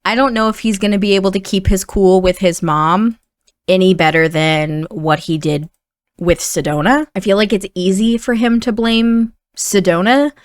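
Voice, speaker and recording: A chatty woman with an Indiana accent tells the story of her life-sim game in a middle-pitched voice. The sound is dry and close to the mic, with no room echo. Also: steady tone, moderate pace. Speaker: game commentator.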